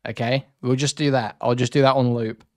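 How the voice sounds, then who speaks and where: A man's voice: mid-range voice, flat delivery, a little fast, a little mellow, no room sound, clean studio sound. A man streaming live, talking in a blunt, sarcastic, rambling way as he reacts to chat. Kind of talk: casual live-stream commentary.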